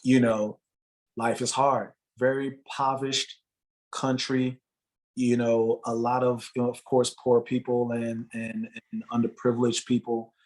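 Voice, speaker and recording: A man's voice: mid-range voice, flat delivery, measured pace, darkish tone. A man from Jamaica, a musician giving an interview, tells his story in an earnest, motivational way and repeats phrases for emphasis. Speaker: guest, musician and motivational speaker.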